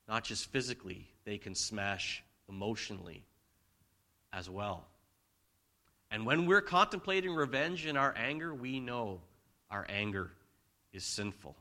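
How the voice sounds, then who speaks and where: A man preaching a conversational sermon in church, swinging between loud emphasis and quiet asides. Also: lowish voice. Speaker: pastor.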